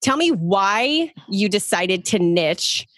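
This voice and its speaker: A woman hosts a podcast with upbeat enthusiasm, introducing her guest and asking friendly questions. Her voice sits at a middle pitch and sounds dry and close, with no room echo. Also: lively intonation, slow, a bit bright. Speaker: podcast host. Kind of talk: casual interview hosting. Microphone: video call.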